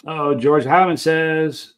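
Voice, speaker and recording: A man hosts a casual livestream, rambling and chatting straight to his viewers. His voice sits a bit higher than most men's. He talks loosely, in loose, easygoing chat. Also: steady tone, slow pace. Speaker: livestream host.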